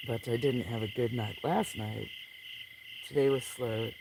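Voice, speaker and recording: A man talks to his livestream viewers late at night, slowly and with a gravelly edge. He sounds drowsy and relaxed and yawns between remarks. Crickets, frogs and insects fill the night air around him outdoors. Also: medium pitch, noisy background. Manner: sleepy, yawning, slow and relaxed. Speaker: livestream host.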